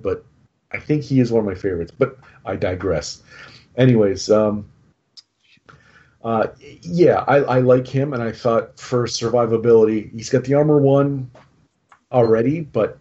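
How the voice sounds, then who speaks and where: A man's voice: medium pitch, mellow, lo-fi sound. A man co-hosting a podcast, chatting casually about his game army in a rambling way with many restarts. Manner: rambling, lots of restarts and fillers. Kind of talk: casual chat.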